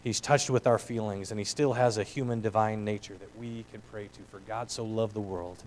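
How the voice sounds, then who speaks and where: A middle-aged man preaching a sermon in an earnest voice, rising to strong emphasis and dropping to quiet reflection. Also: on the low side, fairly even intonation, fairly quick, slight background noise, low-quality recording. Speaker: pastor.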